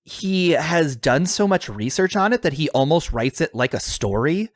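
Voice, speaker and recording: A man's voice: a little high, animated, moderate pace, no echo, studio quality. A man co-hosting a podcast in casual chat, chatty with lots of fillers and frequent laughs. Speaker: podcast co-host.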